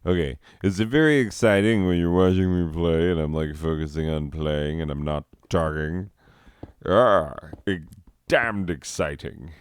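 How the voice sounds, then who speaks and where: A man hosting his own show, rambling while high as he plays a game, swearing constantly and laughing at his own jokes. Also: measured pace, smooth, no room sound, clean studio sound. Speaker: host. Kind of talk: rambling gameplay chat.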